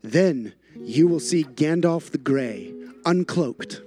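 A man voicing a stern, powerful old wizard who speaks slowly and gravely, in a sermon retelling. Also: lively intonation, mellow, soft background music. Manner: slow, grave, booming.

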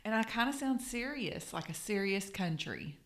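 A woman's voice: medium pitch, lively intonation, normal speed, fairly bright tone, roomy sound. A middle-aged woman with a Kentucky Southern accent, co-hosting a podcast in easy, plain-spoken chat. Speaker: podcast co-host. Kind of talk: casual chat and scripted intro.

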